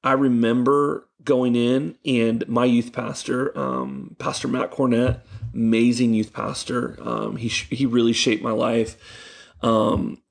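Gravelly-voiced man telling stories. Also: mid-range voice, slow. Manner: animated, laughing storyteller with many fillers. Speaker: youth pastor, podcast guest. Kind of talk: casual storytelling chat.

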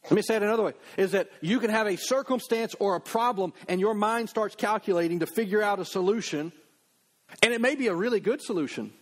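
A middle-aged male pastor delivers a sermon in an easy, conversational way. His voice sits somewhat high for a man, and he keeps the preaching lively by acting out quick asides.

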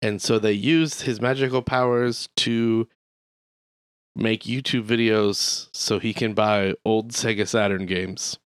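A man's voice: lowish voice, steady tone, slow pace, dry recording, studio quality. A man co-hosting a podcast, chatting casually and telling rambling, wry stories. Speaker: podcast co-host. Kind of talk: casual chat.

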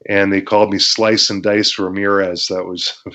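A man's voice: lowish voice, level tone, moderate pace, pushed and bright. A man from Canada, a former wrestler and guest, telling stories in a laid-back way, laughing often and acting out quotes. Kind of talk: casual storytelling interview. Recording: dull lo-fi podcast audio.

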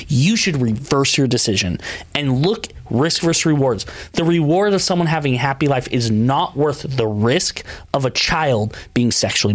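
A man co-hosting a podcast, talking in an emphatic, heated way, tired after a long day. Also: on the high side. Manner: emphatic, rises sharply when incensed. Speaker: podcast co-host. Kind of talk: heated opinion talk.

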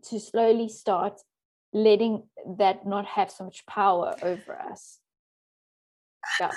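A woman coach talking thoughtfully in an interview, with soft laughs and restarts. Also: mid-range voice, steady tone, slow. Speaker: coach for introverted women. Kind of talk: interview guest.

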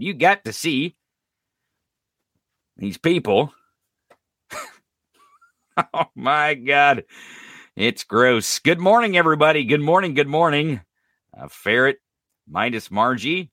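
A male podcast host rants during live-streamed political commentary, animated and profane, full of laughs, sarcasm and swearing. His pitch leaps up and down, his tone is bright and edgy, and the recording is close and dry with no room sound.

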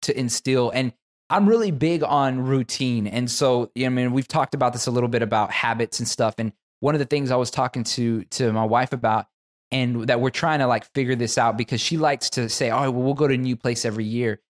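A man's voice: medium pitch, brisk. A young man chatting casually as a co-host, easygoing and hesitant, often repeating his words. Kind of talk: casual chat.

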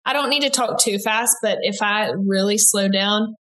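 A young woman from the American South talks in a relaxed interview, her Southern US accent softened. She chats fast and loosely, full of likes, ums and quick restarts. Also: mid-range voice. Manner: chatty, quick-talking, many likes and restarts. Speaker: interview guest, aspiring broadcaster. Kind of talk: casual interview chat.

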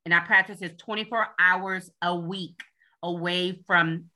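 Upbeat woman coach talking in an interview, clear bright voice, gets really excited. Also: fairly low pitch. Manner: upbeat, spells things out slowly. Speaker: guest, leadership coach. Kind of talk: enthusiastic interview talk.

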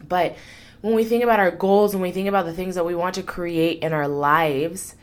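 A woman's voice: lowish voice, steady tone, normal speed. A woman hosting her own life-coaching podcast, talking in an upbeat, chatty, encouraging way. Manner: upbeat, chatty, warm enthusiasm with frequent laughs. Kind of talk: motivational podcast monologue.

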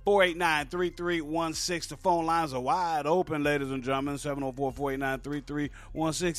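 A man co-hosting a casual call-in radio show, ranting with loud bursts and swearing freely. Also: on the high side, moderate pace, few pauses. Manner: animated ranting, swings between loud and soft. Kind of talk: casual profane radio banter.

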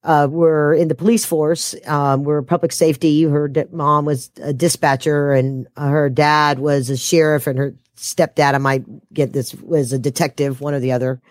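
A woman's voice: deep voice, little pitch movement, moderate pace, few pauses, a little mellow, no room sound, clean studio sound. A woman telling a personal story as an interview guest, her voice rising when she quotes herself.

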